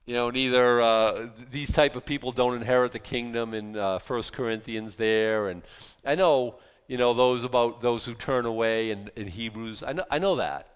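A man's voice: medium pitch, moderate pace, clear, resonant tone. Earnest man teaching in a reverberant hall. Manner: earnest, repeats phrases, many fillers and restarts. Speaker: Bible teacher. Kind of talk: conversational Bible study.

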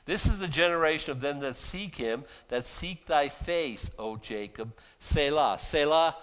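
A middle-aged man preaching a casual sermon to a small group, folksy and conversational, dropping to quiet asides and then rising to loud emphatic bursts, often repeating words as he restarts. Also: a little high, moderate pace.

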